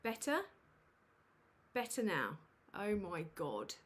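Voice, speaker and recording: A woman's voice: medium pitch, big pitch swings, slow. Flustered woman hosting a livestream. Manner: flustered, self-mocking, swears freely. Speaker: livestream host. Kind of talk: casual livestream chat. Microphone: USB desk microphone.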